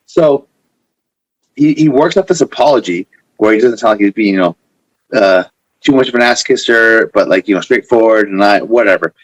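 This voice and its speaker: A man's voice: fairly low pitch, moderate pace, dry recording, poor audio. Dry-voiced man telling rambling stories. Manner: rambling, animated storyteller acting out quotes. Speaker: guest. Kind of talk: casual storytelling.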